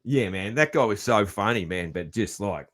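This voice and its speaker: A man's voice: fairly low pitch, lively intonation, moderate pace, fairly bright tone. A middle-aged Australian man hosting a podcast, chatting casually and swearing freely. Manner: laid-back, swears often, says man a lot. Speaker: podcast host. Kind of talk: casual chat.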